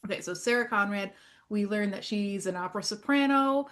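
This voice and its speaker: A woman's voice: mid-range voice, a little fast, a bit bright. A woman co-hosting a podcast, recapping a movie in a casual, chatty way with dry humor. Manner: wry, chatty. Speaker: podcast co-host.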